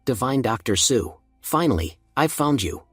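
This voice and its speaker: A man's voice: medium pitch, big pitch swings, normal speed, a bit bright, husky, no echo, soft background music. A man reading a stern, powerful businessman. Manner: stern, commanding.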